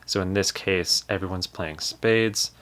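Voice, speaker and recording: Brief: young male host, lower voice, casual, self-deprecating card-game explainer. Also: fairly even intonation, measured pace, fairly bright tone. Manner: chatty, self-deprecating, laughs while telling. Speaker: board game channel host.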